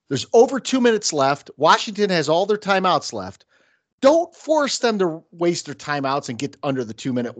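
A man's voice: high voice, breathy edge, dry recording. A man co-hosting a casual sports podcast, arguing his points emphatically with rhetorical questions. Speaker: podcast co-host.

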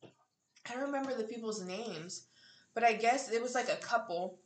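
A woman's voice: on the high side, normal speed. A young woman chatting casually on a podcast, blunt and swearing freely, with sassy mock voices. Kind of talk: casual chat. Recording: roomy echo.

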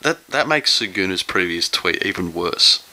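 A man co-hosts a casual podcast with a fairly low voice. It rises and falls a lot and has a bright, forward edge. He answers with dry, teasing quips. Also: animated, normal speed. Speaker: podcast co-host. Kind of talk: casual banter.

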